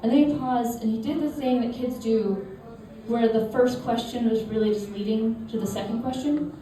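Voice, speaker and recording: A woman's voice: fairly high pitch, fairly even intonation, moderate pace, dark tone, slight background noise. Chatty woman in an echoey room. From suburban Massachusetts. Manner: casual, chatty, laughs between anecdotes. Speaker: storyteller. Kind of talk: live stage storytelling. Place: live show venue. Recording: echoey room, mic from far off.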